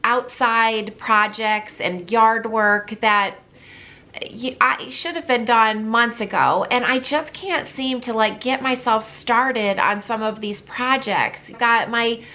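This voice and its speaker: A woman in her fifties talking candidly to camera in a personal vlog, heartfelt and halting, with frequent pauses and restarts. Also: fairly high pitch, sharp tone. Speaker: vlogger.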